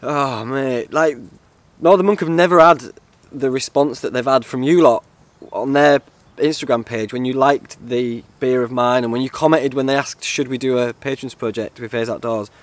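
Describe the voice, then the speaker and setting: A man chatting to camera in a casual vlog, excitable and rambling. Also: mid-range voice, normal speed, hardly any pauses, dry recording. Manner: excitable, rambling, swears and laughs often. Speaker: outdoor vlogger.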